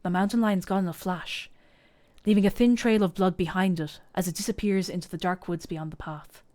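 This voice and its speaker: A young woman streamer reading a story game's narration aloud in an expressive, animated way. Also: lowish voice, a little fast.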